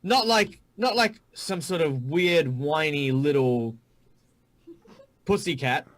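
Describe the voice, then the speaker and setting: A man's voice: fairly high pitch, slow. Brash Australian hobgoblin heavy, raised and sneering, as voiced by a man. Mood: menacing. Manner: aggressive, taunting, says mate and oi. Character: surly human-sized male hobgoblin thug.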